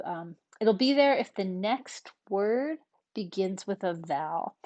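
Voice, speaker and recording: A woman teacher, explaining a lesson slowly and patiently, often checking in with "right?" and "okay". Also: medium pitch, no room sound. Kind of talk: recorded classroom lesson.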